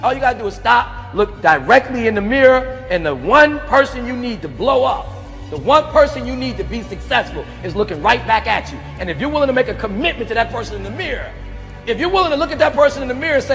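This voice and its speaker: A man preaching motivation, challenging his listeners and sometimes shouting. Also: extremely high pitch, big pitch swings, quick pace, big-room sound, soft background music. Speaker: motivational speaker. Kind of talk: motivational speech.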